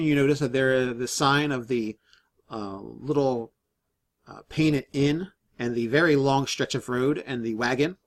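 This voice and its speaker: Male game master, mid-pitched, halting delivery full of fillers, narrating a tabletop session. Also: a bit bright. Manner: halting, many fillers and restarts.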